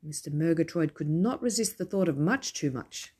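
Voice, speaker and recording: Woman narrator, children's story, gentle and expressive, low husky mellow voice. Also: moderate pace. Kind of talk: reading a children's story aloud.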